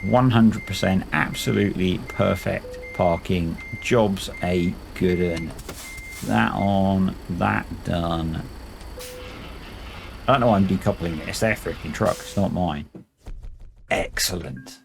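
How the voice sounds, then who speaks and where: A man's voice: low-pitched, takes it slowly, creaky, background noise. A man hosting a gaming video, giving laid-back, rambling let's-play commentary with jokey self-praise.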